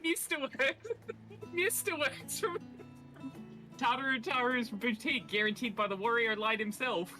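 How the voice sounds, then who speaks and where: A woman's voice: fairly high pitch, a little slow, pauses often, pushed and bright, faint music behind. A woman voicing a pushy male boutique salesman with a playful, attempted Kiwi accent. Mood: salesy, playful.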